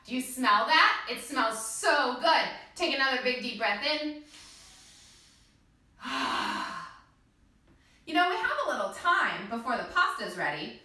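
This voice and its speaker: A woman leads a children's yoga class, her high, bright voice bouncing through lively swoops as she cheers the little ones along. She sounds a few steps back from the mic in a strongly echoing room. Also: normal speed. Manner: playful, encouraging, sing-song. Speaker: kids yoga teacher. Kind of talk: guided kids yoga class with pretend play. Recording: echoey room, voice from a distance.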